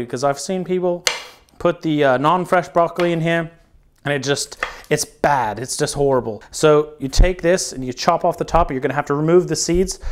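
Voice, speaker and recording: A young man with a fairly high voice hosts a spoof cooking show. He walks through each step in a loose, joking patter and swears freely along the way. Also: background noise. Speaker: comedic cooking show host. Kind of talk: mock cooking show, improvised comedy.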